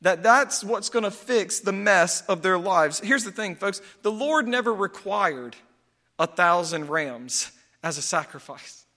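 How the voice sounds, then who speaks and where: A man preaching a sermon as pastor, lively and animated, acting out quoted pleas in a raised voice. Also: sits high, measured pace, big-room sound.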